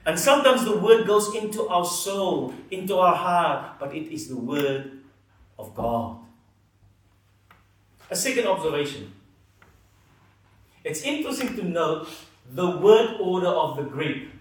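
A man preaching a sermon, earnest and emphatic, letting his phrases fall soft at the ends. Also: high voice, lively intonation, unhurried, pauses often. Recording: echoey hall, mic at a distance.

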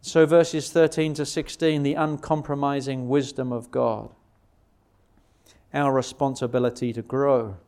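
A man preaching a sermon, emphatic and full of rhetorical questions, slowing down to stress key words. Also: sits high, a little mellow.

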